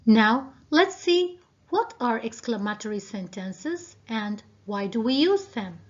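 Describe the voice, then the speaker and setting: A woman teacher giving a recorded video lesson, speaking deliberately and addressing her students directly. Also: on the high side, lively intonation. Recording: dull lo-fi video audio.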